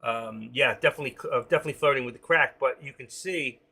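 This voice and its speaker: A middle-aged man runs a trading live stream and talks his numbers through out loud. His voice is gravelly and husky with a bright, sharp edge, and he rambles and cracks jokes as he thinks. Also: medium pitch, quick pace. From New York. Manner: rambling, joking, thinking aloud.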